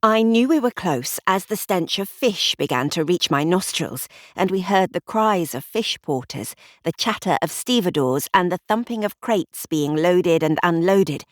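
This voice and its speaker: A woman narrating a mystery audiobook with expressive storytelling. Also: fairly low pitch, a little slow, few pauses, no echo, clean studio sound.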